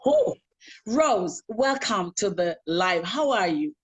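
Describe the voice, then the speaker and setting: A woman's voice: fairly low pitch, expressive, slow pace, a crowd in the background. Brief: woman life coach, earnest and emphatic, hosting a live stream from home.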